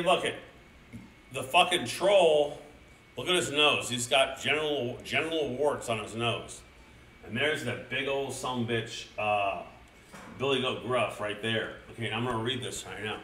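Reading a children's picture book to his chat, a man speaks a little slowly in a mid-range, sharp-toned voice. He's crude and rambling, swearing plenty and tossing gamer slang into the story. The recording is roomy and echoey, with the speaker wandering off a distant mic.

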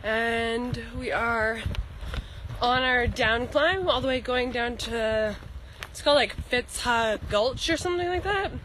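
A woman's voice: a little high, slow pace, a bit bright. A young woman with a congested nose and scratchy throat, chatting casually on a hiking vlog, rambling with lots of fillers. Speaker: long-distance hiker vlogger. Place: outdoors on a hiking trail.

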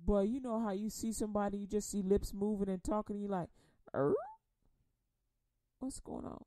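A woman preaching a casual sermon, chatty and laughing often, acting out quoted voices and reading scripture slowly. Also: mid-range voice, level tone, dark tone, no room sound. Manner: reads scripture slowly and deliberately. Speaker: radio preacher.

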